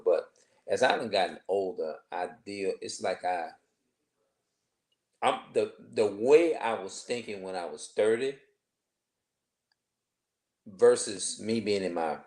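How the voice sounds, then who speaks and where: A man in his forties talking to camera in a rambling personal monologue, halting and restarting often. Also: low voice, darkish tone. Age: 40s. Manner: halting, many restarts and filler phrases. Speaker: vlogger.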